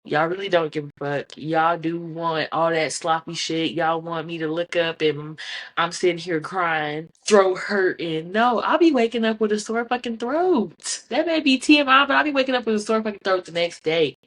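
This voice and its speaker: A woman's voice: fairly low pitch, normal speed, fairly bright tone. A young adult woman, hosting a candid chat show, talking bluntly and often breaking into laughter. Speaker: podcast host. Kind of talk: casual candid chat to camera.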